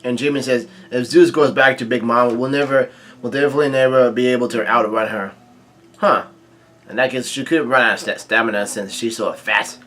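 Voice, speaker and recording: A man's voice: medium pitch, fairly even intonation, a little fast, a bit bright. Casual man reading and reacting. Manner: reads quoted lines aloud with brief reactions and asides, many fillers. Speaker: manga reading commentator.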